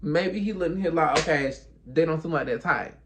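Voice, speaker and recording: A man's voice: fairly high pitch, moderate pace, a little hiss or hum. A man telling a story in a casual monologue, sassy and emphatic, acting out both sides of conversations.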